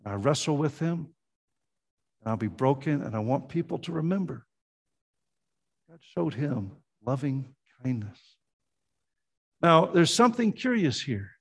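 Man, pastor, sermon, earnest conversational delivery, slightly high pitch, frequent restarts. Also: big pitch swings, measured pace, gravelly, pauses often, husky.

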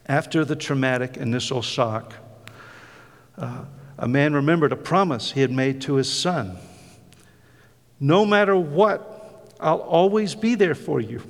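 A man's voice: fairly high pitch, in a large hall. A man preaching a sermon, telling a story with passion and many fillers, then leading a prayer. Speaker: pastor.

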